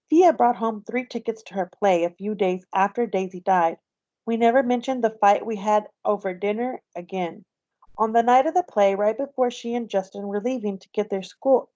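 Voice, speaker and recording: A woman teacher reads a novel aloud, gentle and unhurried. Her voice is mellow and warm. The recording is dry and a bit dull. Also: medium pitch, no room sound.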